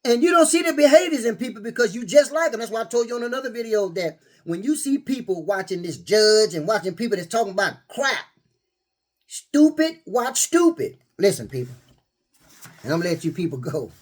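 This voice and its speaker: A man's voice: sits high, fast talker. A man telling everyday stories and quoting scripture in a casual, laughing preaching style. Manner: laughing, animated storyteller who quotes scripture. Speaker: spiritual vlogger.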